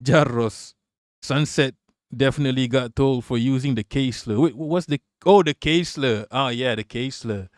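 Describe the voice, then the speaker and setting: A man's voice: mid-range voice, normal speed, no echo, studio quality. A man hosting a live political stream, reading chat and ranting with a lot of swearing. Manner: profane, ranting, talks back to chat.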